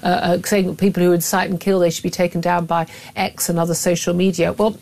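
A woman's voice: fairly low pitch, flat delivery, quick pace, vocal fry, darkish tone. A woman, a middle-aged talk radio host, delivering emphatic, opinionated commentary with frequent restarts.

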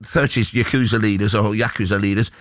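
Brief: fast-talking male radio co-host, wry and teasing, dry studio sound. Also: on the low side, steady tone, no echo. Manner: quick, joking, teasing banter. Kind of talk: casual morning radio chat.

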